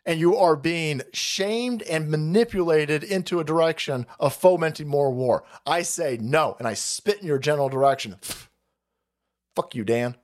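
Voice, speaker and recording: A man hosting a political livestream, ranting in a foul-mouthed, sarcastic way with shouted outbursts. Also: fairly high pitch, normal speed. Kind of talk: profane political rant.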